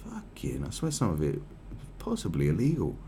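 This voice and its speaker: A man's voice: medium pitch, huge pitch swings, moderate pace, vocal fry, warm tone, a little hiss or hum. A man giving profane, rambling, sarcastic commentary on a news article.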